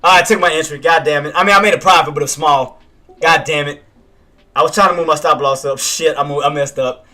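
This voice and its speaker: A man's voice: fairly high pitch, steady tone, fast, sharp tone. A man doing casual live trading commentary, who swears at himself and keeps talking himself down. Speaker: day trader streaming live commentary.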